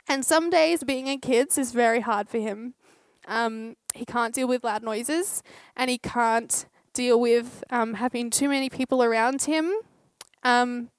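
Woman preacher, high voice, dry close recording, heartfelt storytelling. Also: no room sound. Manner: heartfelt storytelling with quoted dialogue. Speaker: speaker giving a short sermon. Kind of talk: sermon.

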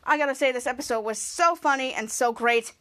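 A woman hosting a podcast, recapping a TV episode in a gushing, excitable way. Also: high voice, brisk. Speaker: podcast host.

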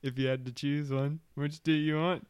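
A man, co-hosting a casual podcast and chatting easily. His voice is smooth and resonant, with a dry, close-miked sound. He talks in a relaxed, halting way with fillers. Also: a little high, dry recording, muffled recording. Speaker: podcast co-host. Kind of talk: casual chat.

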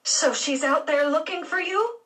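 A woman's voice: sits high, unhurried, fairly bright tone, distant mic, pitched above the performer's own voice. A woman voicing a stern, exasperated middle-aged aunt in a storybook reading. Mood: alarmed. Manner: exasperated, haughty.

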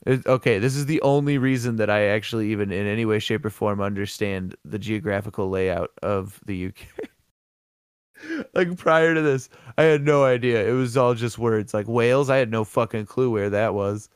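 A man's voice: on the low side, moderate pace, clean tone, no echo, clean studio sound. A man co-hosting a casual podcast chat, rambling and profane, often laughing. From American Midwest. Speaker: co-host.

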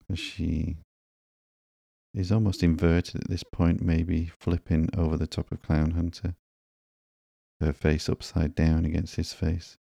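Very deep slow-talking man narrating. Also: gravelly, dry recording, studio quality. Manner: calm, monotone, drawn-out. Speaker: podcast host and comic reader. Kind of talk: slow sleepy comic narration.

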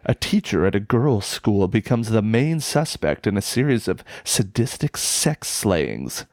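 Fields: Sex: man. Style: casual podcast chat. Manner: jokey, profane, excitable. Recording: dry, close. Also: on the low side, normal speed, hardly any pauses, no room sound. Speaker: podcast co-host reviewing films.

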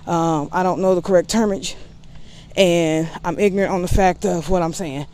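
A woman's voice: fairly low pitch, fairly even intonation, moderate pace, a little mellow, a little hiss or hum. A woman vlogger in casual talk to camera, candid and rambling with a sassy edge.

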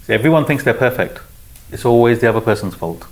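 A man leading a spiritual discussion, explaining calmly with repeated phrases. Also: mid-range voice, fast, poor audio. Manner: calm, explanatory, repetitive phrasing. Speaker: spiritual teacher. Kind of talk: teaching discussion.

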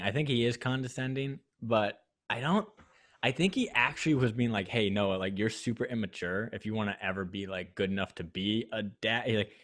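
A young man chatting casually as a podcast co-host, his voice sitting on the low side. He rambles, stops and restarts his sentences, and circles back to his points. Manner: rambling, halting with many restarts. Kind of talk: casual chat.

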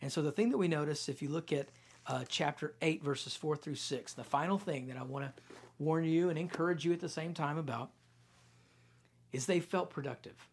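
A man in his thirties, a pastor preaching a sermon in a conversational, storytelling way that drops into quiet, intense stretches. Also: a little high, normal speed, breathy edge.

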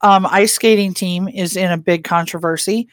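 A woman's voice: lowish voice, steady tone, normal speed, no echo, studio quality. A woman co-hosting a podcast in casual chat, rambling with lots of hesitant fillers. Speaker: podcast co-host.

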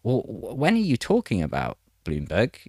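A man's voice: fairly low pitch, huge pitch swings, normal speed, darkish tone, husky, no echo, clean studio sound. A man reading a news article aloud and breaking off for chatty, wry asides to his viewers. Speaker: news commentator.

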